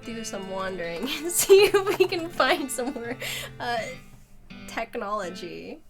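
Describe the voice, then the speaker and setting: A woman's voice: a little high, sing-song, measured pace, soft background music. A young woman streamer giving casual game commentary, giggly and self-deprecating as she thinks aloud.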